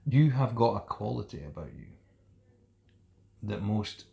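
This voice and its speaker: A man's voice: on the low side, animated, a little slow, creaky, warm tone. A middle-aged man, hosting a casual heart-to-heart podcast chat and swearing freely as he encourages his guest. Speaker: podcast host.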